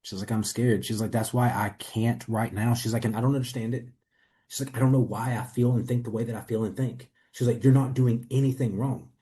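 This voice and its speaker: A man's voice: mid-range voice, steady tone, brisk, warm tone. A man in a testimonial interview, earnestly and reflectively telling his own story as a coaching client.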